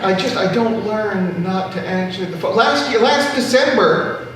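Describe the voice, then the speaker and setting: Middle-aged male stand-up, dry self-mocking storyteller, slightly high voice, heard from afar in a very echoey room. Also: expressive, unhurried. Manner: dry, wry, self-deprecating delivery. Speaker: stand-up comedian. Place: live comedy stage with audience. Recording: very echoey room, distant mic, faint noise.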